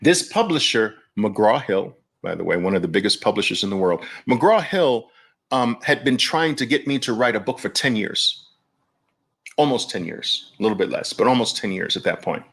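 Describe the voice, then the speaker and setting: A man's voice: fairly low pitch, lively intonation, moderate pace, gravelly, a bit bright, slightly rough. A man hosting a live online audio room, talking emphatically and mockingly and repeating phrases for effect. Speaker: host.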